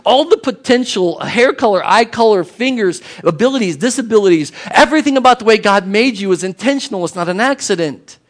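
High-voiced man preaching emphatically. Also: lively intonation, a little fast, few pauses. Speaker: pastor. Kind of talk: sermon.

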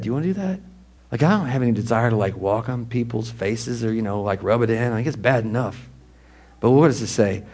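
A pastor with a mid-range voice preaches a sermon in a conversational, animated tone. He throws in asides, asks the congregation questions, and laughs briefly now and then.

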